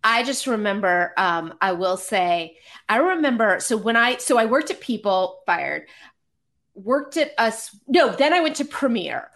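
A woman, a podcast guest, telling stories in a casual, animated, self-deprecating way with many restarts. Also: fairly high pitch, a little slow. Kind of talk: casual storytelling.

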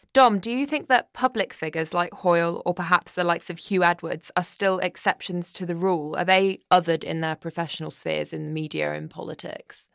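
A woman hosting an interview, asking formal, measured questions. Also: fairly low pitch, gravelly, fairly bright tone, no room sound, studio quality. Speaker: interviewer host.

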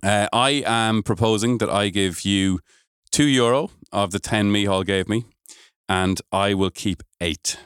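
Smooth-voiced podcast host. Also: male voice, on the low side, unhurried, a bit bright, no echo, studio quality. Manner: jokey, playfully running a game. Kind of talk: casual podcast banter.

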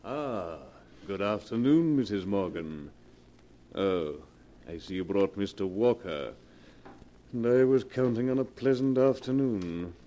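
A man's voice: fairly low pitch, lively intonation, unhurried, mellow, slight background noise. An actor playing a suave male blackmailer who talks in a silky, mocking way in a 1940s radio drama. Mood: smug.

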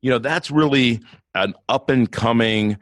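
A man hosting a podcast, talking in a friendly, rambling way with quick asides. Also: mid-range voice, no echo. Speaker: podcast host. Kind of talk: casual podcast chat.

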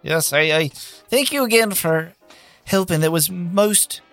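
A man's voice: high voice, a little slow, fairly bright tone, soft background music, pitched above the performer's own voice. A man voicing an eager young male ship engineer who stammers and gushes with thanks. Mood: gushing. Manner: stammering, gushing.

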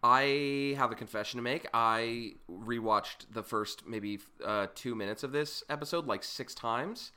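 A man's voice: mid-range voice, unhurried, hardly any pauses, bright, forceful tone, smooth. A man co-hosting a podcast, trading loose, joking banter. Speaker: podcast co-host. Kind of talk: casual banter.

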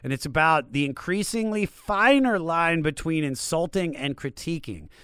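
A man's voice: fairly high pitch, lively intonation, moderate pace, fairly bright tone, smooth, no room sound, clean studio sound. A man hosting a podcast, asking questions and giving his opinions in a casual, emphatic way. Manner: conversational, emphatic, swears casually. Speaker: podcast host.

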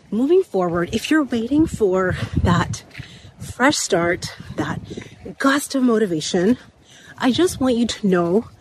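A podcast host in her thirties gives a motivational talk while walking uphill outdoors, slightly out of breath with a somewhat raspy, a little high voice. She repeats key points and laughs often, over a faint hiss or hum.

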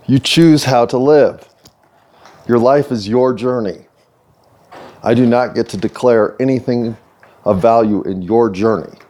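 Medium in pitch and mellow, the voice is that of a middle-aged American man hosting his own video series. He addresses the camera in an earnest, reflective monologue with playful asides.

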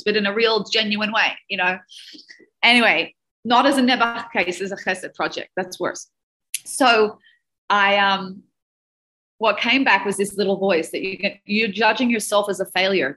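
A woman who works as a dating coach and speaker, telling a personal story with animated emotion and mixing in Hebrew and Yiddish words. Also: medium pitch, poor audio. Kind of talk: personal storytelling in a podcast interview.

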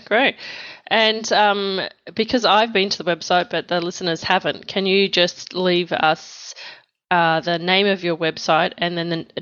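A woman's voice: fairly low pitch, fairly bright tone, no echo, dull audio. A woman hosting a podcast, asking a guest questions with polite, brief prompts. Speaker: podcast host. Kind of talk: interviewing a guest.

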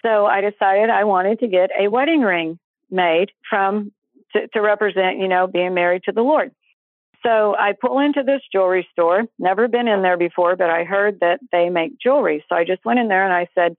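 A woman's voice: mid-range voice, normal speed, dry recording. Woman telling a story over a tinny phone line. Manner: animated, acts out quoted voices. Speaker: guest storyteller. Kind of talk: casual testimony storytelling.

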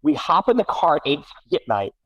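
A man's voice: fairly high pitch, fast, no echo, highs cut off. A middle-aged man, a guest parent, telling a casual story with many restarts and self-corrections. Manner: rambling, self-correcting, animated.

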